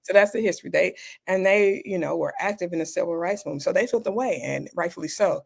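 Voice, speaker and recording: A woman's voice: on the low side, fast talker, gravelly, breathy edge. A middle-aged woman doctor, a guest in an interview, telling personal stories candidly and acting out the people she quotes.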